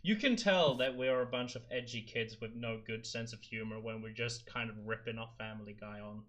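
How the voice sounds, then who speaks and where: A young man co-hosting a casual podcast, joking around and laughing between stories. His voice sits at an ordinary middle pitch. He is loose and playful in the talk. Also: brisk, a bit bright. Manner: jokey, laughs often, breaks into silly sung impressions. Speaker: podcast co-host. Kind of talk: casual chat.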